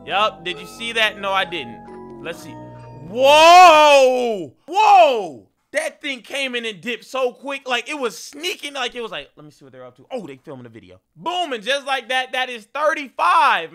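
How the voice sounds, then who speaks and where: A young man reacting to scary clips, excitable and full of slang, yelping and shouting at the scares. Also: sits high. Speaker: video reaction host.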